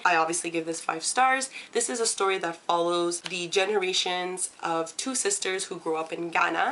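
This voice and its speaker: Lower-voiced woman gushing about books. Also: a bit bright. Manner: enthusiastic, gushing with fillers. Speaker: book vlogger. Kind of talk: casual book review.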